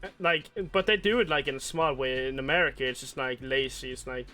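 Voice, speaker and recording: Guy hosting a podcast, bright sharp voice, rambles with tons of likes and swears a lot. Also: mid-range voice, fairly quick, faint music behind. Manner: rambling, filler-heavy, crude and joking. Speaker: podcast host. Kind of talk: casual chat.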